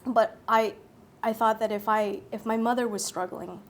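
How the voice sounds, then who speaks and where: Lively woman telling a story at a talk. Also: a little high, normal speed. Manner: animated storyteller who acts out her own thoughts and laughs often. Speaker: speaker at a public talk.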